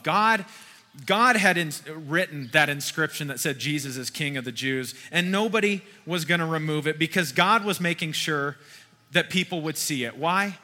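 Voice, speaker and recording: A man's voice: high-pitched, moderate pace, bright, forceful tone. Folksy preacher man in a reverberant hall. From Kentucky. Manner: conversational, folksy preaching with rhetorical questions. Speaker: pastor. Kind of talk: sermon.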